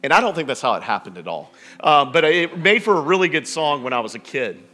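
A man preaching a sermon in a relaxed, conversational storytelling way, with frequent restarts and asides. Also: on the high side, fast talker, faint music behind. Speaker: pastor.

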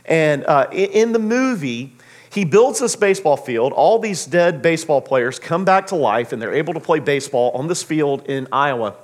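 A man in his thirties delivers a sermon, his voice a little higher than most men's. He tells stories with animation, swinging from soft, low asides to excited, acted-out lines. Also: normal speed. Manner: animated storyteller, acts out quotes with big pitch jumps. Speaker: pastor.

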